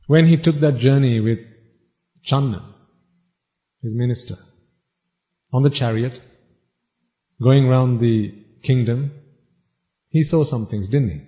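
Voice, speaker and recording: A man's voice: medium pitch, slow, long pauses. A man giving a Buddhist sermon, teasing his listeners with one question after another in a wry tone. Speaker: Buddhist preacher. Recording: dull lo-fi recording.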